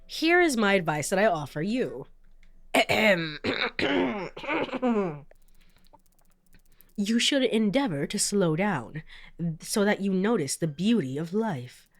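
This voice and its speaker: A woman's voice: medium pitch, big pitch swings, slow, pauses often. A sick woman putting on a pompous, flowery tea snob. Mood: lofty, patronizing. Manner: grandiose, flowery, condescending. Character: pompous refined tea-loving gentleperson.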